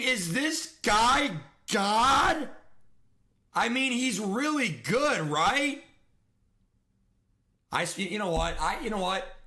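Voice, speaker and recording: A man's voice: sits high, bright, forceful tone. A young man streaming a football video game, ranting and swearing in frustration as he plays. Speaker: gaming streamer. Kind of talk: live game commentary rant.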